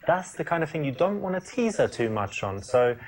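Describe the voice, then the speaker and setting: A confident dating coach. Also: male voice, fairly high pitch, big pitch swings, a little fast, rough recording. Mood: instructive. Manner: instructive, matter-of-fact. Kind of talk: instructional commentary in a game.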